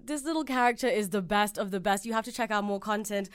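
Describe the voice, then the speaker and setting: A woman's voice: medium pitch, quick pace, clear, resonant tone. A woman hosting a radio interview in a studio, enthusiastic and upbeat. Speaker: radio host.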